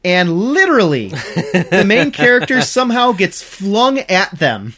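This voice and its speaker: Animated, ranting podcast co-host. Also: measured pace. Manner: animated, exasperated ranting with big pitch swings; laughs while talking. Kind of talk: casual chat.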